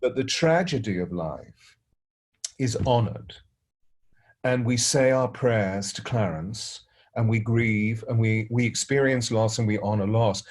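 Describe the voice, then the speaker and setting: A middle-aged man, a spiritual teacher, telling a story gently and unhurriedly, pausing and restarting often. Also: on the low side. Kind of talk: reflective storytelling.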